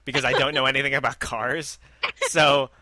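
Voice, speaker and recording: A young man in casual conversation, telling awkward stories about himself with wry humor. His voice is very bright and sharp. It is recorded close and dry. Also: mid-range voice, level tone, brisk, dry recording. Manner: wry, laid-back storyteller with awkward humor. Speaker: podcast co-host. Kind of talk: casual chat.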